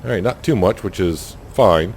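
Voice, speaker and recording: A man with a very deep voice talks through his gameplay in a relaxed, rambling way, full of "uh" and "you know." Faint game sounds sit under his voice. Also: moderate pace, a little hiss or hum. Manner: rambling, thinks aloud with many fillers. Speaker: gaming channel host. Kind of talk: casual let's-play commentary.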